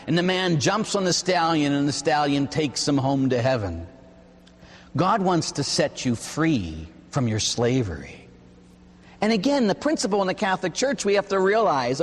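A man, a Catholic priest, preaching a sermon with animated, emphatic storytelling. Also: medium pitch, in a large hall.

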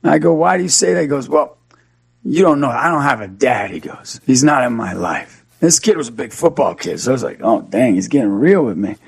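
A man, a youth speaker, telling an animated story as an interview guest, acting out the voices of the people in it. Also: a little fast, creaky, slightly rough, no room sound. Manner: energetic, acts out quoted dialogue with big pitch swings.

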